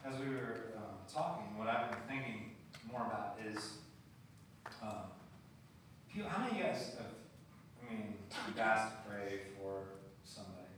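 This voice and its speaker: A man's voice: lowish voice, expressive, normal speed, noisy background. A male pastor preaching in a conversational way and asking the congregation questions. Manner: conversational, asks the room questions. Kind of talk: sermon. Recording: echoey hall from far off.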